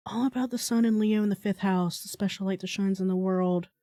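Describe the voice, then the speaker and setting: A woman's voice: mid-range voice, steady tone, a little fast, mellow, no room sound, clean studio sound, close to an everyday voice. A woman reading the lines of an eccentric astrologer woman in a horror game, speaking in solemn mystical pronouncements.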